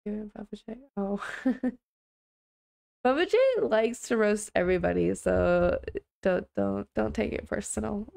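A woman's voice: mid-range voice, slow, vocal fry, a little mellow. A young woman livestreaming, chatting casually with viewers on a headset mic, apologetic and laughing often.

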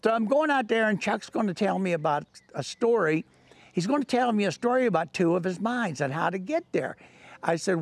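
Older male storyteller, high gravelly voice, folksy and rambling. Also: animated, a little fast, no room sound. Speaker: author and storyteller. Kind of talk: telling an anecdote.

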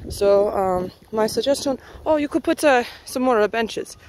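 A woman's voice: on the high side, lively intonation, normal speed, noisy background. A woman speaking in a put-on Spanish accent, giving a rambling, casual walking tour outdoors and recording on a handheld phone. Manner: chatty, rambling, thinking aloud with many fillers. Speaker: vlogger giving a neighborhood tour. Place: outdoors, walking around a pond in a housing development.

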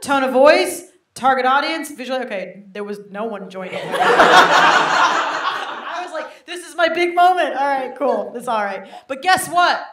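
A woman's voice: sits high, a little hiss or hum. Self-mocking woman comic in a roomy venue. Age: 30s. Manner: animated, self-mocking storytelling with frequent asides to the crowd. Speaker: stand-up comedian. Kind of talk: stand-up comedy set. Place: comedy venue with a live audience. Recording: roomy live venue recording.

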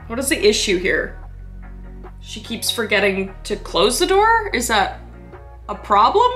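A woman's voice: on the high side, big pitch swings, a little slow, a bit bright, soft background music. A young woman hosting a comedy video, mocking what she watches with exasperated, swearing reaction commentary.

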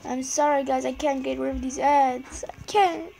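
A woman's voice: high-pitched, steady tone, normal speed, vocal fry, warm tone, soft background music, low-quality recording. A young woman giving casual running commentary on a video game, chatting to viewers and often apologizing to them. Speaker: gaming channel host.

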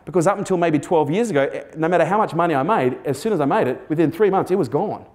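A man in his 40s delivers a motivational keynote from a stage to a live audience, speaking bluntly, swearing, and quizzing his listeners. He talks quickly in a slightly mellow voice that leans high.

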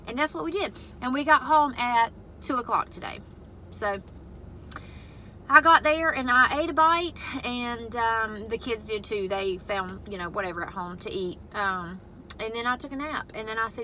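A woman's voice: fairly high pitch, moderate pace, pushed and bright, slight background noise, rough recording. A woman venting to camera from her car, blunt and profane as she retells a family fight. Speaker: vlogger and mother. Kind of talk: venting casual vlog to camera. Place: inside her parked car.

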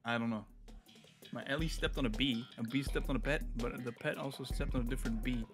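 A man's voice: medium pitch, fast. A young man streaming a video game, chatting casually with viewers and a partner, playful and joking. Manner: playful, joking, laughs often. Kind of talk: casual live-stream gameplay chat. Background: game music.

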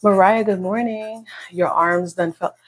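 A woman's voice: mid-range voice, steady tone, a little slow, rough recording. A woman fitness instructor leading a live workout class from a phone in an indoor room. She counts reps and coaches in a casual, encouraging way. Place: indoor room on an upper floor. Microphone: phone livestream.

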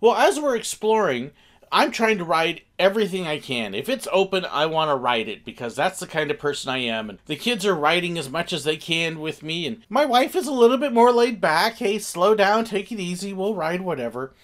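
A man casually telling a funny family story, animated and acting out the quoted bits. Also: fairly high pitch, brisk.

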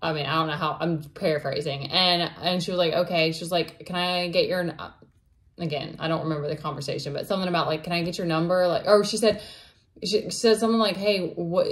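A woman's voice: lowish voice, fairly even intonation, a little fast. A woman, telling a personal story in a casual vlog, rambling with many fillers and restarts. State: emotional, near tears at times. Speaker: vlogger.

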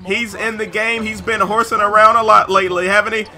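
A man giving excited gameplay commentary over a basketball video game and yelling on big plays. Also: high voice, fairly quick. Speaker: gaming YouTuber.

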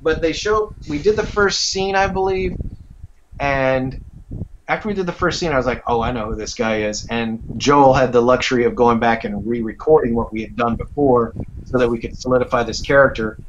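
Male voice actor as interview guest, mid-pitched, reflective and rambling, on slightly muffled audio. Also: moderate pace, a little hiss or hum. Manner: reflective, rambling with many fillers. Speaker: voice actor and acting teacher. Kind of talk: casual interview chat.

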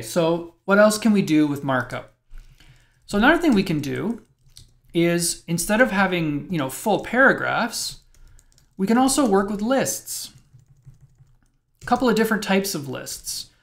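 A man teaching web programming in a screencast lecture, thinking aloud and explaining step by step as he types. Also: on the high side.

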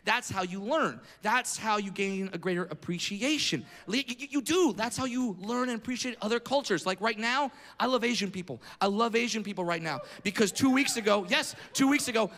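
Brash comedian guy doing standup, high voice, yells the punchlines, swears a lot. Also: brisk, few pauses. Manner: brash, profane, shouts punchlines.

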